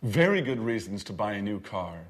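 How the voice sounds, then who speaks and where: A man's voice: on the low side, sing-song, a little fast. An actor playing a cheerful male coworker who gives teasing advice in a scripted course-book dialogue. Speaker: dialogue character in a language course.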